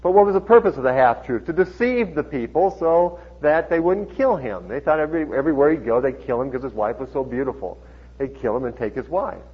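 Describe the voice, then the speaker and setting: A man preaching a conversational sermon, reading scripture and adding chuckling asides, animated when he acts out the dialogue. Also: medium pitch, fairly quick, husky. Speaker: pastor. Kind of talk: sermon, expository Bible teaching. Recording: dull lo-fi sermon recording.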